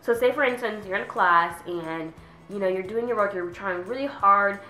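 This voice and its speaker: A teenage girl venting about her pet peeves in a casual vlog, chatty, with lots of "like", sometimes mimicking people in a higher voice. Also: normal speed, pushed and bright, echoey room, faint music behind, poor audio. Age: teens. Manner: chatty, says "like" constantly, acts out quoted people in a higher voice. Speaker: vlogger.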